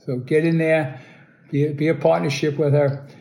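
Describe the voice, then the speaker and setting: A man's voice: on the high side, little pitch movement, normal speed, creaky, warm tone. Older man with a blunt, joking manner. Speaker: father of the host. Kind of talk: recorded personal message.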